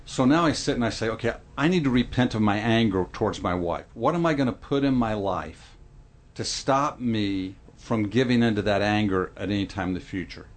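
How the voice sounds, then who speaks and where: A man's voice: lowish voice, a little fast. A middle-aged man talks things through in a Christian podcast discussion. He speaks earnestly, like a pastor teaching. Now and then he acts out what someone might say. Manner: earnest, explanatory, acts out quoted lines.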